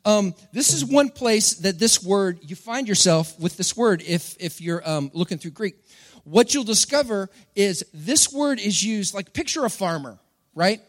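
A man's voice: sits high, lively intonation, measured pace. A middle-aged man from Texas, preaching a sermon to a congregation in a playful, joking manner. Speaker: pastor. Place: church hall. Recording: long hall reverb.

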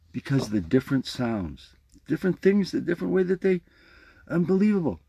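Male podcast host, husky and mellow, playful and animated in casual motivational talk. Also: fairly high pitch, fairly quick, dry recording. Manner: animated, playful, demonstrating a jaw harp.

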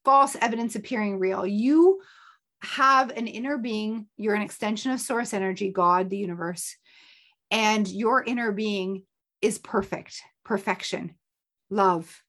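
A woman hosting a motivational talk as a coach, energetic and emphatic, with playful sound effects. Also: mid-range voice, a little slow. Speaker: motivational coach and podcast host.

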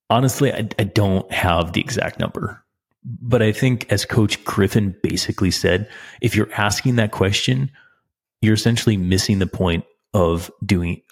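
Middle-aged male coach, very deep voice, relaxed explainer, podcast host. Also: husky. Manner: relaxed, explanatory, frequent restarts and small laughs. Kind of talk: casual podcast talk answering a listener question.

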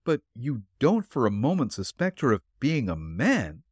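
A man's voice: mid-range voice, wildly swooping pitch, moderate pace, a little mellow, breathy edge, no room sound, clean studio sound, voice pushed up. A man voicing an eager, puzzled sidekick detective. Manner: questioning, easily surprised. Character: eager, puzzled young male detective assistant.

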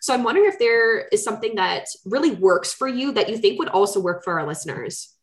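A woman co-host chats casually and asks curious follow-up questions. Her voice sits at an ordinary middle pitch. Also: expressive, a little fast. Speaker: podcast co-host. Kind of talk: casual podcast chat.

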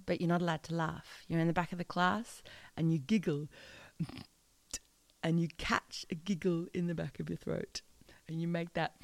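A woman's voice: fairly low pitch, creaky, dry recording. A playful, encouraging woman teaching a singing lesson and demonstrating odd vocal sounds.

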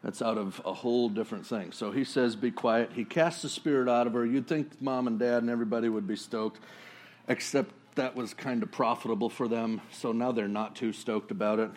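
A man preaching a casual sermon, talking it through conversationally and acting out quotes in a lively way. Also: brisk. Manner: conversational, acts out quotes with sudden high jumps and laughs. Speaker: pastor.

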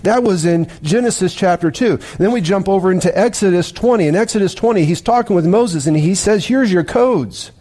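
A man's voice: high voice, a little fast, hardly any pauses, dark tone. A middle-aged man preaching as a pastor, telling a dream in a rambling, emphatic way with many restarts. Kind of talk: sermon with dream story.

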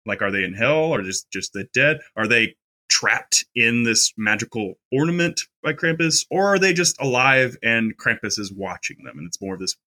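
A man's voice: medium pitch, lively intonation, normal speed, sharp tone. A man co-hosting a podcast, talking casually about a horror film with lots of fillers and restarts. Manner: chatty, many fillers and restarts. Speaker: podcast co-host.

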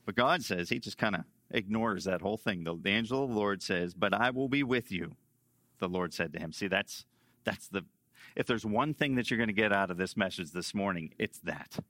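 Bright-voiced preacher, emphatic and dry. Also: male voice, sits low, fairly quick, dry recording. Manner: emphatic, repeats key phrases, swings between loud and hushed. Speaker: pastor. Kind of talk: sermon.

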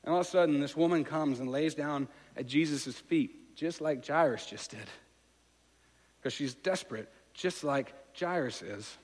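A pastor giving a sermon, retelling a story in a casual, conversational way and asking listeners to imagine the scene. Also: male voice, on the high side, normal speed. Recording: long reverb of a large hall.

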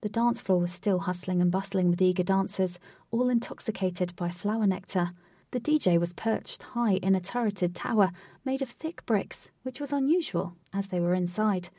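Woman storyteller, calm read, mellow and slightly husky; dry, distant mic. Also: mid-range voice, moderate pace, no echo. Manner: calm, steady reading. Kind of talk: storybook narration.

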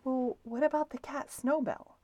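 A woman's voice: high voice, steady tone, moderate pace, darkish tone, no room sound, voice pushed up. A woman voicing an earnest, brave little boy mouse who is sick, reading a storybook aloud. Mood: worried, stern. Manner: earnest, sometimes stern or whispering. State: hoarse with bronchitis, as acted.

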